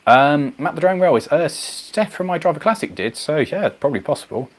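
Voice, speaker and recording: A man hosting a casual livestream, chatting to viewers in a rambling, animated way. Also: on the high side, a little fast, slightly rough. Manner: rambling, animated, goes off on tangents. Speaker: livestream host. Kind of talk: casual chat reading viewer comments.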